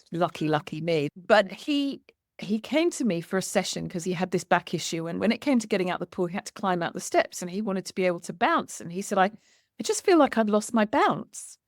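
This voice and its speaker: A woman hosting a conversation, telling a lively anecdote and acting out the dialogue as she goes. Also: lowish voice, no echo, studio quality. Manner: animated, acts out quoted dialogue with laughter. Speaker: podcast host. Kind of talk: storytelling in conversation.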